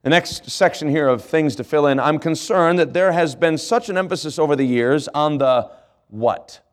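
Preaching man, slightly high voice. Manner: spells out words letter by letter, asks congregation questions; slows to stress key phrases, rises in passion. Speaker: pastor. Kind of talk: sermon with fill-in handout.

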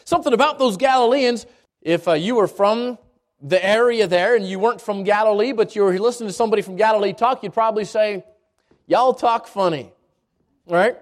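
Man, pastor, high voice, animated sermon delivery, church service. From Albuquerque, New Mexico. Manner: animated preaching, shifts between quick asides and slow emphatic lines.

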